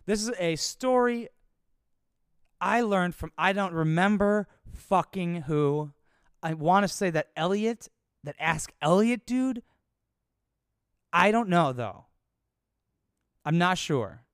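A young man telling stories in a casual, profane way, animated and crude. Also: high-pitched, measured pace, pauses often, clear, resonant tone, no room sound, studio quality. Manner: animated, crude, swears freely.

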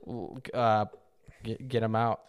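A man's voice: lowish voice, level tone, takes it slowly, clean tone. A young man co-hosting a podcast, telling stories in a laid-back, rambling way. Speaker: podcast co-host. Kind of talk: casual podcast banter.

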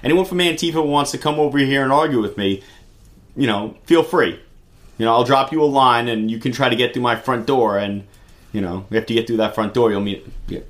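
A man's voice: medium pitch, a little fast, a bit bright. A man co-hosting a political talk podcast, speaking bluntly and heatedly with strong emphasis. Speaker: podcast co-host.

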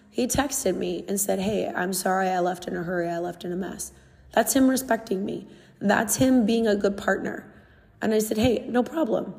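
A woman's voice: mid-range voice, darkish tone, in a large hall. A young woman talking casually and candidly on her own podcast, earnest and emphatic. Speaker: podcast host. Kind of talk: casual solo podcast talk.

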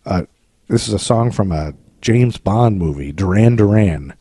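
A man's voice: on the low side, lively intonation, measured pace, mellow, husky, no echo, studio quality. An American man co-hosting a podcast in a casual, joking, rambling chat. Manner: joking, rambling, breaks into goofy accents and singing. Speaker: podcast co-host.

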